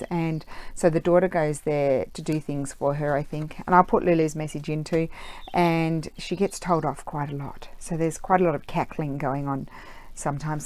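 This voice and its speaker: A woman vlogger chatting casually at home while working on a craft project, rambling with lots of ums and uhs. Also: sits low. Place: room at home with window open.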